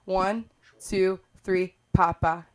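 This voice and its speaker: A woman's voice: lowish voice, fairly even intonation. Teasing woman host of an open mic. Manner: teasing, quick. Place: small comedy club.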